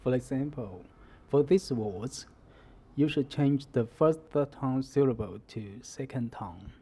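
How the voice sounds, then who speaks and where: A man teaching a language lesson, explaining pronunciation rules slowly and modelling words for the listener to repeat. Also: medium pitch, expressive, warm tone, breathy edge. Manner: slow, careful delivery, modelling words for repetition. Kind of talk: slow instructional explanation.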